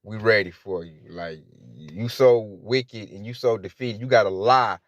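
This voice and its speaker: A man's voice: on the low side, unhurried, dry recording. A man with a Southern US accent giving a casual, slang-heavy religious talk as a Hebrew Israelite preacher. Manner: colloquial and slangy, acts out quoted voices. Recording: dull, lo-fi, dry recording.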